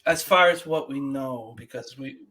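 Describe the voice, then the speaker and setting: A podcast co-host with a mid-range male voice speaks at a moderate pace, animatedly retelling a movie scene by scene. He laughs and quotes reactions as the casual movie review chat goes on.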